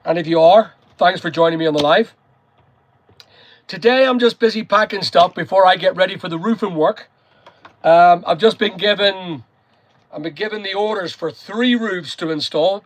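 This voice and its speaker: A man's voice: sits high, normal speed. A man from Northern Ireland with a Northern Irish accent, hosting a casual live chat, rambling and greeting viewers by name. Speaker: live stream host.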